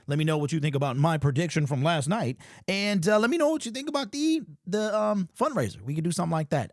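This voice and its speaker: A man in his forties talks through a casual sports-fan vlog in a rambling, chatty way, often restarting his sentences. His voice sits a little high for a man. The sound is dry and close, with no room echo. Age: 40s. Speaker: sports YouTube channel host.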